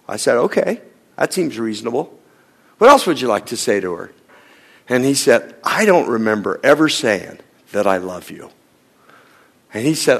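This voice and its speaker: Guy pastor telling a sermon story, raspy gravelly voice, does both parts of the talk, gets real quiet sometimes. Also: mid-range voice, very animated, normal speed, pauses often. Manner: acts out both sides of a dialogue, drops to a hushed near-whisper in tender moments.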